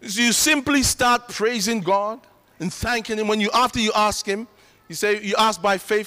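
A middle-aged man delivers a sermon in a high, bright voice. He talks in an earnest, conversational way and presses hard on his points. His voice carries the long reverb of a big church hall. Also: normal speed. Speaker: preacher.

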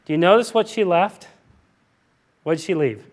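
A male pastor preaching a sermon, animated and emphatic, often repeating himself as he explains scripture. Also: high-pitched, moderate pace.

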